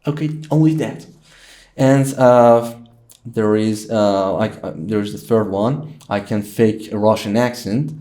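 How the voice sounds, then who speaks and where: A man's voice: fairly low pitch, fairly even intonation, slow, warm tone. A young man from Iran, a guest in a casual interview, talking playfully with frequent hesitations. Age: young adult. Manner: playful, hesitant, lots of fillers.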